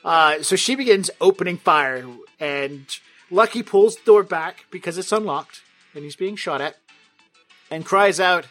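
A man's voice: sits high, unhurried, fairly bright tone, faint music behind. Playful man narrating as game master. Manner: playful and wry, breaks into laughter.

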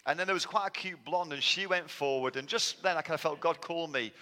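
A man's voice: fairly high pitch, fairly quick, pushed and bright. A man from England with a Manchester accent, giving a sermon testimony in a conversational, self-deprecating storytelling manner. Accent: Manchester English. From England, raised in Manchester. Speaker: guest preacher. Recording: long hall reverb.

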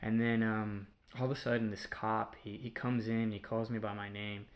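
A young man from Mexico, a guest in an interview, telling a personal story in a halting way with many fillers and restarts. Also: lowish voice, little pitch movement. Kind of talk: casual personal testimony.

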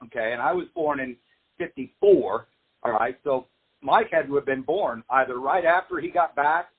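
An older man being interviewed, speaking frankly and plainly about his childhood and often adding "you know". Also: medium pitch. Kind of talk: casual spoken recollection. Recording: tinny phone-like sound.

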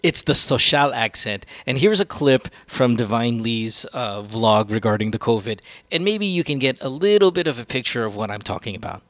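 A man's voice: medium pitch, animated, normal speed, hardly any pauses, a bit bright. A man hosting a podcast, ranting casually with strong opinions and plenty of swearing. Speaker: podcast host.

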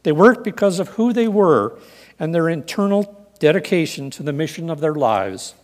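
A man preaching a sermon in an earnest, measured way, reading scripture and telling stories. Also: a little high, lively intonation, a little mellow, in a large hall. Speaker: pastor.

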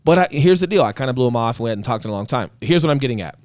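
Profane, animated man telling a story. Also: mid-range voice, very fast, dry recording. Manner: profane, animated, acts out quotes. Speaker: Marine veteran and podcast guest. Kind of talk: casual storytelling chat.

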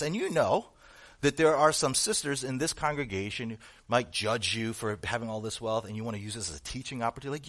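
A man's voice: mid-range voice, animated, fast, fairly bright tone. A male pastor preaching a sermon to his congregation, with rhetorical questions and rising emphasis. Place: church room with a congregation.

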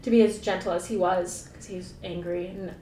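On a podcast, a female co-host reads from a novel in a steady, dark-toned voice at normal speed, stopping now and then for laughing, sarcastic asides. Her distant mic picks up room echo and a faint rumble.

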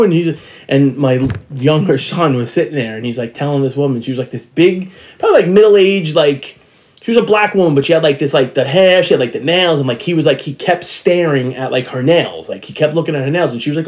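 Middle-aged man, podcast co-host, rambling storyteller, slightly high voice. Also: fast, darkish tone. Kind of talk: casual chat.

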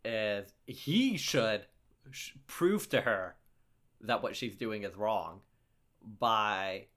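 A man's voice: lowish voice, lively intonation, fairly bright tone. A young man co-hosting a podcast, chatting casually and joking at his own expense with many fillers. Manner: joking, self-deprecating, halting with fillers. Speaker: podcast co-host.

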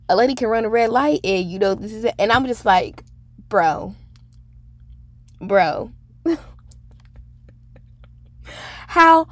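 A young woman in her twenties hosting her own podcast, talking in a rambling, candid way with lots of fillers and some swearing. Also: lowish voice. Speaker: podcast host. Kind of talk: casual solo podcast monologue.

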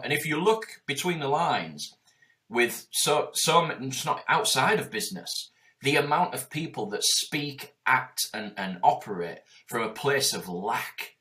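A middle-aged man with a Yorkshire accent, a business coach in casual podcast chat, animated and swearing as he acts out quoted voices. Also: mid-range voice, unhurried. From Yorkshire, England.

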